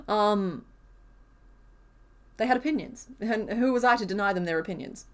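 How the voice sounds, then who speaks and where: A woman's voice: mid-range voice, moderate pace. A woman live-streaming as she crochets, chatting casually and rambling with frequent giggles and fillers.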